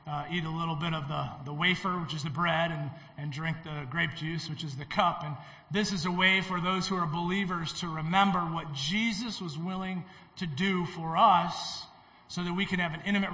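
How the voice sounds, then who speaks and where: A man preaching as pastor and leading communion in a church sanctuary, earnest and exhorting, with halting restarts. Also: high voice, sharp tone, reverberant, long reverb tail. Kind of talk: sermon and communion service.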